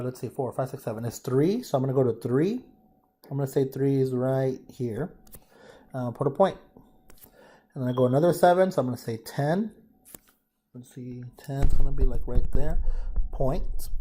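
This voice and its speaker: A man's voice: mid-range voice, warm tone. A man teaching a math lesson, thinking aloud casually as he works problems and addresses the class as guys. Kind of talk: informal lesson walkthrough.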